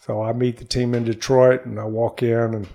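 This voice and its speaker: Gravelly older man telling stories. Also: medium pitch, moderate pace. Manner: lively storyteller, acts out quotes. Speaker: interview guest, former pro baseball player. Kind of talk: animated storytelling in conversation. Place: studio.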